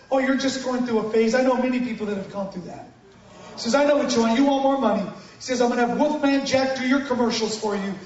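Man telling his testimony from the pulpit, lively, shouty at times, dull muffled sound, big echo. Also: very high voice. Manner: animated storytelling, bursts into shouts, banters with the audience. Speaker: guest preacher giving testimony. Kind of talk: sermon testimony to a congregation. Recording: echoey hall from far off, dull sound.

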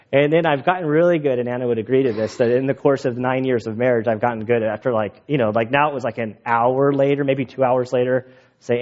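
A man's voice: medium pitch, fairly even intonation, normal speed, darkish tone. Guy pastor in his 30s telling his own story in a sermon, super chatty, lots of "like", kinda muffled lo-fi recording. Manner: casual storytelling, chatty with many "like" fillers. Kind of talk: sermon with personal testimony. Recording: dull lo-fi sound.

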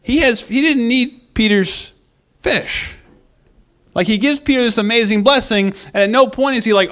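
A man preaching a conversational sermon in an animated way, acting out the quoted lines. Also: very high voice, normal speed.

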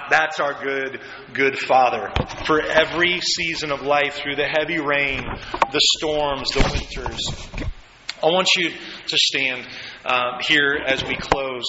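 A man's voice: medium pitch, steady tone, slow. A man preaching a sermon as pastor, speaking conversationally and rising into fervent prayer. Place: church hall. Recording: echoey hall, dull sound, faint noise.

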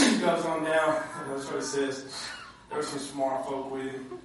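A man preaching a sermon to a responding congregation, swinging between quiet asides and shouted high points. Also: measured pace, background noise. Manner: animated, swinging from low asides to shouted climaxes. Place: church sanctuary with congregation. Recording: very echoey hall, mic from far off.

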